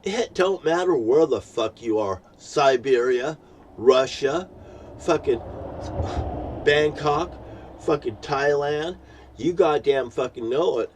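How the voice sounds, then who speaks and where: A man's voice: a little high, takes it slowly, a little mellow, distant mic, a little hiss or hum. A man ranting angrily to the camera, swearing constantly and repeating himself. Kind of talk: angry profane monologue to camera.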